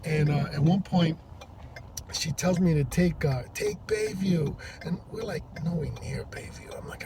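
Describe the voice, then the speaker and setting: Man rambling in a noisy car. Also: on the high side. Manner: rambling, halting with many restarts. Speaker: rideshare driver. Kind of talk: casual storytelling to camera. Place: inside a parked car. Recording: distant mic with loud traffic noise. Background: loud vehicle and road noise.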